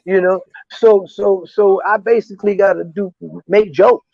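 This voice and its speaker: This older man's voice sits high and is a little slow and creaky, with fairly even intonation, on a dry, lo-fi recording. A veteran activist living in Ghana, he is a remote guest in a political interview, speaking emphatically with many restarts and "you see?" questions.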